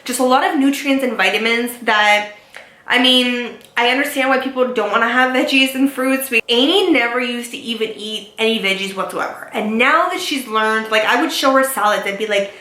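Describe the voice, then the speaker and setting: A young woman talks casually to her viewers, rambling and filling pauses with "like" and "um". Her voice sits a little high and sounds bright and forward. The room around her is noticeably echoey. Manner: chatty, filler-heavy with lots of "like" and "um". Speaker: beauty and lifestyle vlogger. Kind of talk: casual chat to camera.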